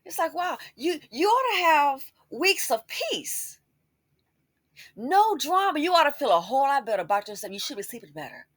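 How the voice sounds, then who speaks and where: Sassy animated woman with a bright voice. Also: high-pitched, normal speed, dry recording, clean studio sound. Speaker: commentary host. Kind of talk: casual commentary.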